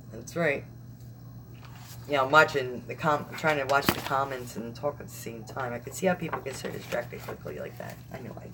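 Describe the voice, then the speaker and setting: A woman's voice: sits low, a little hiss or hum. A young woman vlogger chatting casually on a live stream, rambling and laughing often.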